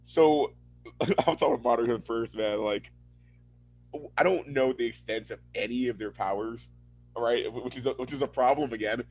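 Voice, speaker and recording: A man's voice: medium pitch, moderate pace, darkish tone, rough recording. A man co-hosting a casual podcast, rambling through a review and acting out characters as he retells scenes. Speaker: podcast co-host.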